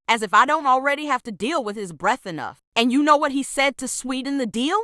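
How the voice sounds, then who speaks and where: A woman with a bright, forceful voice pitched a little high tells a scripted storytime, her tone exasperated and full of sarcasm. The sound is dry and close, with no room around it. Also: lively intonation, a little fast, hardly any pauses, dry recording. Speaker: storytime narrator.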